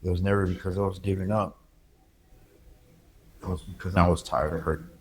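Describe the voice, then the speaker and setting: A man speaks as an interview guest. He tells his story candidly, halting now and then as he reflects. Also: deep voice, fairly even intonation, slightly rough. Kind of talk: emotional personal interview.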